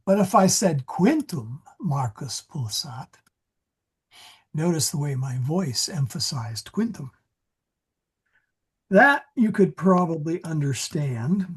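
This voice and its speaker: A man teaching a Latin grammar class, talking in a digressive way and often correcting himself. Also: on the high side. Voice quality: very husky. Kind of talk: classroom lesson. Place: church meeting room.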